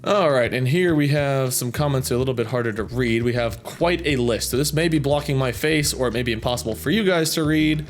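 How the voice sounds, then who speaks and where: A man's voice: mid-range voice, a little fast, hardly any pauses, soft background music. Chatty man reading viewer comments. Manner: chatty, rambling, self-amused. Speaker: YouTube gaming channel host.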